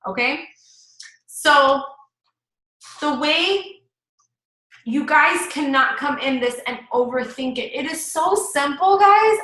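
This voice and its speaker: A woman talks her team through a casual live-stream coaching session, chatty and enthusiastic. Her voice sits high and sounds bright and sharp. The room around her is echoey. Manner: chatty, enthusiastic, talks straight to viewers as "guys".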